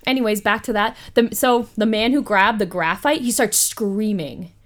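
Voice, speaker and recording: A woman's voice: mid-range voice, normal speed. Woman telling a story, casual podcast host. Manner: profane, animated retelling with asides.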